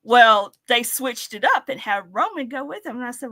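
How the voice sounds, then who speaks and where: A woman co-hosting a casual chat, telling excitable, giggly stories. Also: a little high, moderate pace, hardly any pauses. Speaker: podcast co-host.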